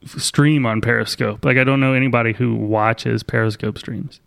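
A man's voice: mid-range voice, fairly even intonation, normal speed, creaky, a bit bright, clean tone. A man co-hosting a podcast, chatting casually and joking with lots of fillers. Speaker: podcast co-host. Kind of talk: casual chat.

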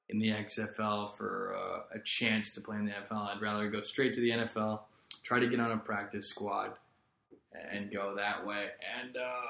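A man's voice: on the low side, a bit bright. A man hosting a podcast, rambling through a casual solo monologue in a laid-back way and swearing freely. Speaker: podcast host. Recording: roomy echo.

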